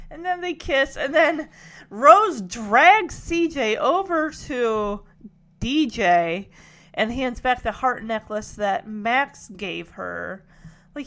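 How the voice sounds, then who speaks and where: A woman chatters through a sitcom recap in a casual, gushing way. Her voice sits high and swoops widely as she giggles and plays out each character's lines. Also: expressive, unhurried, a bit bright. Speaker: TV episode recapper.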